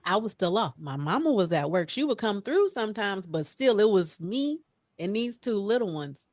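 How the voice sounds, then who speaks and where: A woman's voice: mid-range voice, sing-song, normal speed, a little mellow, no echo, studio quality. A young adult woman co-hosting a casual chat, telling stories animatedly and acting out the voices of the people she quotes. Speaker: podcast co-host.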